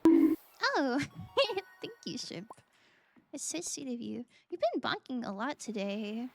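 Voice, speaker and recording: A woman's voice: a little high, expressive, normal speed, creaky, faint music behind. A woman streaming a game and chatting casually and playfully with her viewers, often laughing. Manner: playful, giggly, talks to chat. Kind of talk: casual live-stream chat while gaming.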